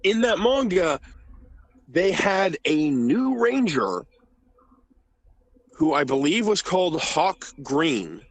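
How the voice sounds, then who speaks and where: A man's voice: fairly high pitch, big pitch swings, slow pace, pauses often. A man co-hosting a podcast, hesitantly sharing trivia in casual chat. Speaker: podcast co-host.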